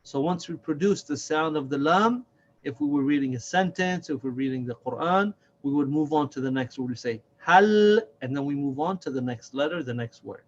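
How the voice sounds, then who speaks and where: A man with a slightly high voice gives a patient reading lesson, walking step by step through each example. He slows down and draws sounds out so students can hear them clearly. The audio is muffled, with a faint hiss underneath. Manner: slow and deliberate, repeats and stretches sounds to demonstrate. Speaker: Quran reading teacher. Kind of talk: slow, patient recorded lesson.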